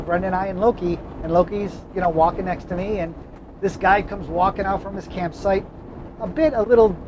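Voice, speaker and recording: A man's voice: sits high, muffled recording, noisy background. A man hosting a travel vlog, telling rambling anecdotes inside a moving car. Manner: rambling, self-correcting anecdotes. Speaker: vlog host. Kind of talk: casual storytelling chat.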